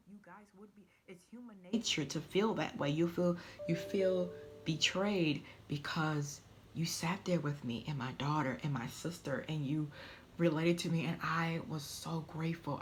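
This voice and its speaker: A woman telling her own story in a vlog, halting and tearful at times, often dropping to a whisper. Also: sits low, a little hiss or hum. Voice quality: often drops to a soft whisper. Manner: halting, tearful, stumbling over words. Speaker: vlogger. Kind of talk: emotional personal vlog.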